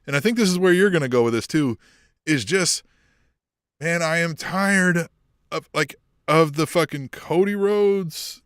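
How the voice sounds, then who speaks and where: A man's voice: a little high, a little slow, smooth, no echo, studio quality. A man co-hosting a wrestling podcast, chatting casually, swearing freely and laughing often. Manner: profane, animated, laughs often. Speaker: podcast co-host.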